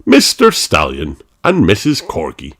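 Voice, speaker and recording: Storybook narrator, slow and deliberate, with a widely swinging voice, for a children's read-aloud. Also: low-pitched, slightly rough. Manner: lively, expressive storytelling. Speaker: storybook reader.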